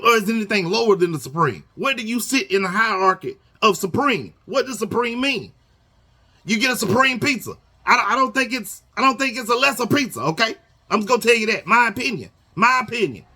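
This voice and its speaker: A man's voice: very high-pitched, animated, brisk, pushed and bright. A man speaking casually to union members in a video, emphatic and repetitive, drilling his points home with a questioning "okay?". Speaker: union organizer addressing members. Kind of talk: casual talking-head video lesson. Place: Houston area.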